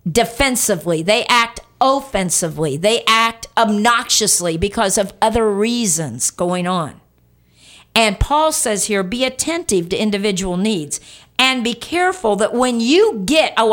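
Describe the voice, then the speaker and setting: A woman pastor preaching a sermon in an emphatic, lively way, asking her listeners questions. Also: medium pitch.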